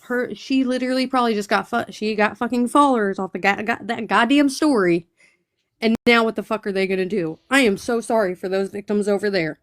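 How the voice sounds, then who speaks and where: A woman's voice: medium pitch, fairly quick, no echo, clean studio sound. A woman co-hosting a livestream who speaks bluntly and indignantly, with heavy profanity. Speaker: livestream co-host. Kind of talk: angry livestream chat.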